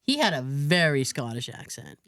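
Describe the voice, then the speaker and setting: A woman's voice: extremely low pitch, big pitch swings, moderate pace, fairly bright tone, no room sound, studio quality. A woman from Massachusetts hosting a podcast, telling a story casually, laughing often and acting out other people's lines. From Massachusetts, USA. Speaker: podcast host.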